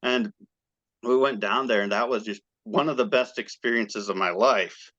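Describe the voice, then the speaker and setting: A man, a guest fan, telling a story in casual chat, excited and animated as he acts out the quoted dialogue. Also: on the low side, normal speed, lo-fi sound.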